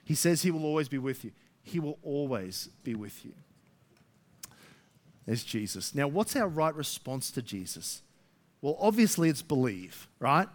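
A man preaching a sermon to his church, emphatic, swinging between loud rising stresses and soft low asides. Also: big pitch swings, moderate pace. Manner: emphatic, rising to near shouts then dropping soft. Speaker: pastor.

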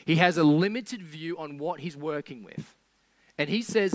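A man's voice: fairly high pitch, normal speed, dry recording. A man preaching a sermon in a conversational way, with sarcastic asides.

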